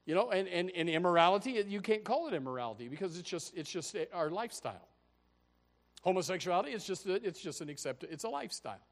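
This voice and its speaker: A man preaching a sermon, impassioned and building to loud, emphatic peaks. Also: high-pitched.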